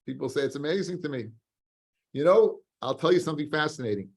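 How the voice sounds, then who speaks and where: Animated rabbi teaching Talmud. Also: male voice, fairly high pitch, quick pace. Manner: animated, swings between loud emphasis and quiet earnest stress, repeats phrases; mixes Hebrew and Aramaic terms into English. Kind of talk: Talmud study lecture.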